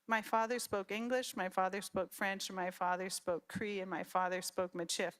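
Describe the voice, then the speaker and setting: A middle-aged woman from Saskatchewan giving a conference talk, telling personal family stories and acting out her relatives' words. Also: a little high. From Saskatchewan, Canada. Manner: storytelling, animated quoting of relatives. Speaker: conference speaker.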